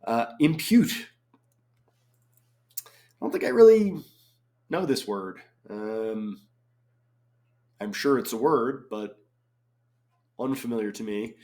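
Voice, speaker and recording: A man's voice: mid-range voice, expressive, takes it slowly, long pauses, a little mellow. Chatty man thinking aloud. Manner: chatty and digressive, thinking aloud with many ums. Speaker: crossword solver. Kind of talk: casual solo commentary while solving.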